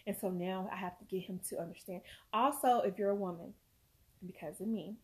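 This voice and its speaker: A woman's voice: medium pitch, fairly quick. Emphatic emotional mother talking to camera. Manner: earnest, emphatic, swings from loud to quiet; swears. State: near tears. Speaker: mother and vlogger. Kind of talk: emotional personal vlog talk.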